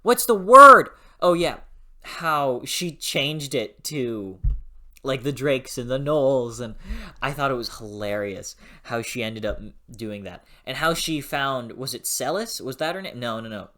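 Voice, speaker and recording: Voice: mid-range voice, a little slow, a bit bright. A book reviewer in a casual video review, swearing freely, laughing often and losing the train of thought. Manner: frequent laughter.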